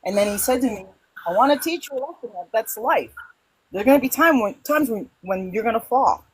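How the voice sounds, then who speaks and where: A woman hosting a spiritual conversation who tells stories in an animated way, with frequent restarts. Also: a little high, a little fast, noisy background. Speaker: host.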